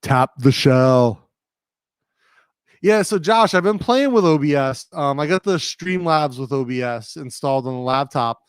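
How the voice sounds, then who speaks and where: A man's voice: on the high side, normal speed, hardly any pauses, clear, resonant tone, dry recording. A man with a slight New England accent hosting a livestream from his studio, chatting casually and reading out viewer comments. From Rhode Island, USA. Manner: rambling, laid-back, talks to viewers directly. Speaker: livestream host. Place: home studio.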